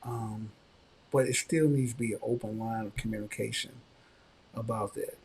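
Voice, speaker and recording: A man hosting a podcast, telling a personal story in casual conversation and giving frank advice, with animated bursts when he quotes others. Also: on the low side, normal speed, slight background noise. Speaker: podcast host.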